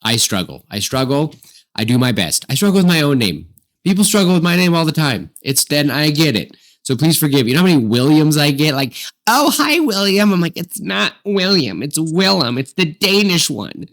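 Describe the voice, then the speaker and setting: Animated, apologetic podcast co-host man. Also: on the high side, brisk. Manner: apologetic, laughs often, animated. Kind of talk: casual chat.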